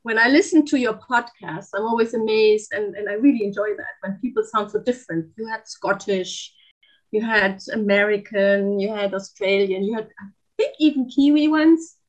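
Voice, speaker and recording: Animated woman with a German accent. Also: medium pitch, normal speed, rough recording. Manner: animated, laughs often, exclaims. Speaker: podcast guest. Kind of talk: casual chat, storytelling.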